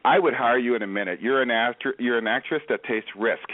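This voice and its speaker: A man's voice: mid-range voice, brisk, no echo. A man hosting a radio interview show, playful and teasing, with jokes and games, heard over a tinny phone-like line.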